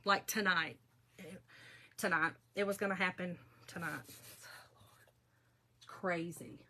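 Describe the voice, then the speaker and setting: A woman's voice: fairly low pitch, fairly even intonation, slow pace, pushed and bright, slight background noise. A middle-aged woman, chatting and telling stories to viewers while crafting. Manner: chatty, gossipy storytelling, addresses viewers. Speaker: craft video host. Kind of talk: casual chat while crafting.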